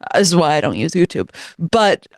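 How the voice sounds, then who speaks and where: A woman's voice: sits low, sing-song, brisk, gravelly, no room sound, clean studio sound. A young woman co-hosting a casual panel chat, chatty and peppering her speech with "like". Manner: chatty, lots of "like". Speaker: podcast co-host.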